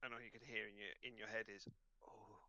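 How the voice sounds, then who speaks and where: A man's voice: fairly low pitch, level tone, very fast, bright, forceful tone, no echo, poor audio. Hesitant man narrating as game master. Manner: hesitant, with many fillers and restarts.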